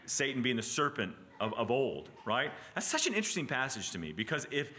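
A man with a brisk, mid-range voice teaches a Bible study class casually and with animation. He keeps asking "right?" and restarting his sentences.

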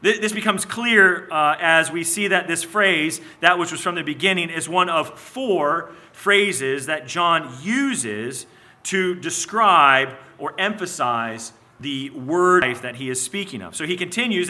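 A man preaching an expository sermon, teaching in a measured way, slowing on key phrases and sometimes restarting his words. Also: fairly high pitch, lively intonation, sharp tone. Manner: restarts and repeats words as he goes.

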